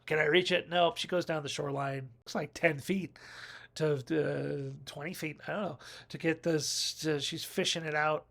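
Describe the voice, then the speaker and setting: A man's voice: fairly high pitch, steady tone, moderate pace, gravelly, a bit bright. A man rambling through a casual, jokey film review on his own video channel.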